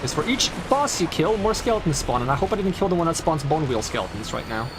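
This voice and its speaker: A man's voice: a little high, sing-song, fast, music in the background. A man streaming gameplay, muttering at enemies in an impatient, grumbling way and speaking in a made-up accent. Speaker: game streamer. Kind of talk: live gameplay commentary.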